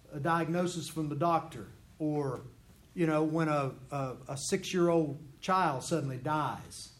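A man leading a Bible study class, teaching in an earnest, conversational way and voicing prayers in the first person. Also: on the high side. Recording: echoey room with faint background noise.

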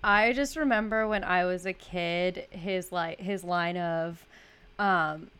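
A woman's voice: lowish voice, takes it slowly, fairly bright tone, smooth. A young woman co-hosting a casual movie podcast, chatty and amused, with lots of fillers. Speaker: podcast co-host.

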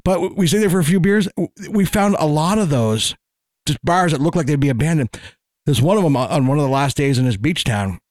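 A man's voice: a little high, animated, a little fast, a little mellow, no room sound, studio quality. A man co-hosting a podcast who tells a rambling travel story in casual chat, with frequent stop-start restarts. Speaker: podcast co-host.

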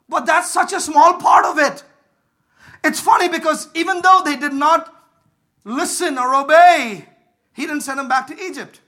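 Male pastor, very high voice with a bright edge; fervent sermon delivery that swells to shouts and leads call-and-response. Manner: fervent, rises to shouts and calls for congregation responses.

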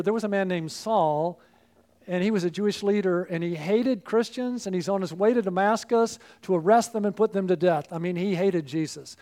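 A man's voice: high-pitched, a little mellow. A man preaching a sermon as pastor, earnest and building to fervent appeals.

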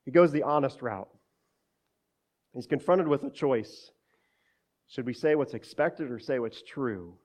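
A man's voice: mid-range voice, a little slow, pauses often, a little mellow. A man preaching a sermon, talking to the congregation as church and dropping joking asides between scripture readings. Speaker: pastor.

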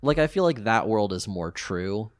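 A man with a low voice recaps a cartoon episode in easy podcast chat. He gets animated and often leaps up into a high register when something tickles him. The mic is close and dry, with no room sound. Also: normal speed, no room sound. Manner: animated, jumps into high pitch when reacting. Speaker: podcast co-host.

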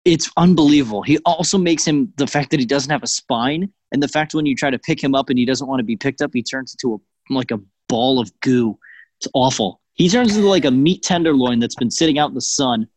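Male podcast co-host, mid-pitched, hamming up stories in a dry, close recording. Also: brisk, a little mellow, dry recording. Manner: jokey, exaggerated storytelling. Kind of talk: casual comedic chat.

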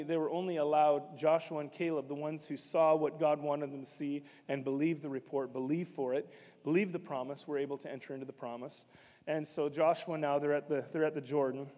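A fairly high-voiced man preaches a sermon to his congregation, dropping to quiet, conversational asides and then bursting into loud, emphatic shouts. His voice rings out in a church sanctuary with a long hall reverb trailing behind every phrase. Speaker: pastor.

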